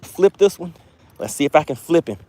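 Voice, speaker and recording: An excitable man hosting a live fishing stream from a boat on a windy lake, talking to his viewers and repeating his phrases. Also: fairly high pitch, fairly quick, no room sound.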